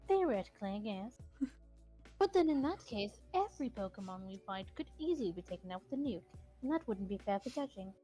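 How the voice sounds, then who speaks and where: A woman chatting as a guest co-host on a stream, with deliberate, mock-formal phrasing. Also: medium pitch, sing-song, mellow, soft background music, low-quality recording. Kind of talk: casual stream chat.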